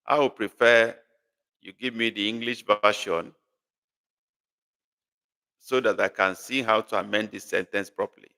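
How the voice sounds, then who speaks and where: A man's voice: lowish voice, steady tone, a little slow, pauses often, bright, forceful tone. A man teaching a live online language class, patiently repeating and correcting a student's sentences. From Nigeria. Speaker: language tutor.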